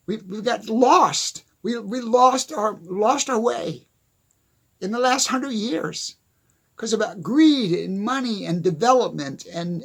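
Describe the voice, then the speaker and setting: A weary man delivers an earnest monologue with a gravelly, rough edge to his voice. His speech is slightly husky and halting, and he circles back to repeat his points as he restarts sentences. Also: sits high, fairly bright tone. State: tired. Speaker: speaker on philosophy.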